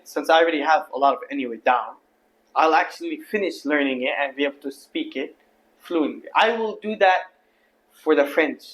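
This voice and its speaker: A man's voice: a little high, fairly bright tone. A man from Palestine with an Arabic accent, a native Arabic speaker, talking straight to his viewers in a candid, rambling monologue. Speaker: vlogger. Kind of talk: casual monologue to camera.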